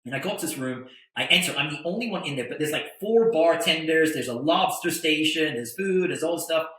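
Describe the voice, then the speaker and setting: A man, a podcast guest, telling a story in a casual, animated way, with stammered restarts and tag questions. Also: a little high, brisk, heavy reverb, low-quality recording. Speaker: podcast guest, attorney and entrepreneur.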